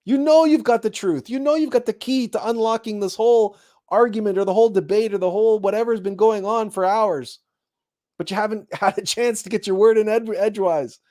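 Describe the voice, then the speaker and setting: Hosting a spiritual talk, a high-voiced man speaks a bit quickly and frames it as a story. He jumps into raised, excited voices for the people he pictures.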